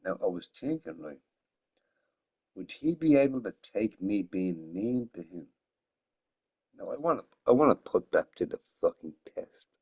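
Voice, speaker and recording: A drunk man streaming games, rambling loosely, swearing often and repeating himself as he swings between loud outbursts and mumbling. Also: fairly low pitch, big pitch swings, unhurried, long pauses, husky, highs cut off. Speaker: gaming streamer. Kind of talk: rambling casual livestream chat.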